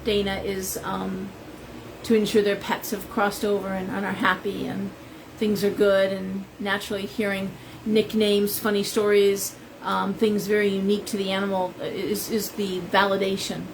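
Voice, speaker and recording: A woman's voice: medium pitch, flat delivery, moderate pace, background noise. Chatty woman telling stories on a live stream. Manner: chatty, rambling storyteller. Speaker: shop owner and tarot reader. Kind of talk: live-stream chat with viewers.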